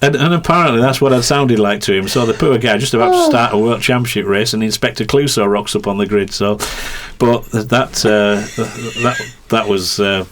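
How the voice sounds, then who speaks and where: A man's voice: medium pitch, animated, moderate pace, few pauses. A man, a motorcycle racing commentator, telling rambling anecdotes in a podcast interview with many restarts and a ready laugh.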